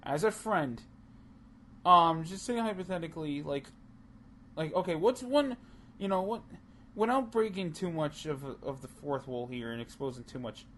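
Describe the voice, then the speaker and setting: A man's voice: a little high, normal speed, fairly bright tone, a little hiss or hum. A man co-hosting a casual wrestling podcast, talking heatedly and profanely, rambling with many restarts. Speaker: podcast co-host. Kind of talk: casual chat.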